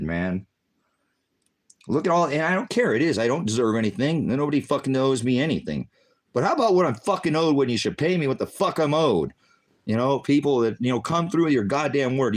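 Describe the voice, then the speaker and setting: An older man ranting angrily to camera, swearing constantly, tired and worn out, swinging between loud outbursts and low muttering. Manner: profane, bitter, swinging between shouting and muttering. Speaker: vlogger. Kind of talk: angry personal rant.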